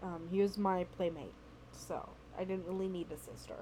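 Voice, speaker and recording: A young woman hosting a podcast, telling a story in casual chat, animated and swearing, laughing between lines, from her bedroom at home. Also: fairly low pitch, normal speed, a little hiss or hum. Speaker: podcast host.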